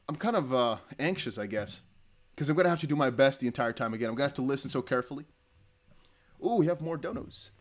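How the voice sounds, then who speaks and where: A young man from the Netherlands hosting a casual crypto livestream, reading out donations in a rambling, laughing way. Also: mid-range voice. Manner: chatty, laughing, rambling with restarts.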